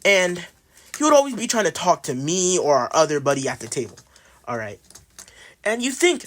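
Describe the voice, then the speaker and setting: Animated young guy telling a story. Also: a little high, normal speed, pauses often. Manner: animated, slangy, full of fillers like "bro" and "like". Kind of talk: casual storytime narration.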